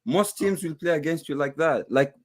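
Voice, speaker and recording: A man calling into a fan stream, arguing his side in a calm, matter-of-fact way. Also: on the high side, moderate pace. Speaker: caller, rival football fan. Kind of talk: casual debate on a call.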